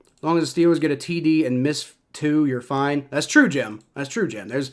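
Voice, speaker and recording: A young man giving live play-by-play reaction to a football game, excitable and swearing as he reacts to each play. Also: on the high side, moderate pace.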